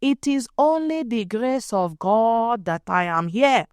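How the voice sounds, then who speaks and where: A woman's voice: fairly high pitch, lively intonation, takes it slowly, smooth, no echo, studio quality, pitched above the performer's own voice. A woman doing a Nigerian accent for a devout, solemn voice of gratitude. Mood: grateful. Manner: solemn, emphatic.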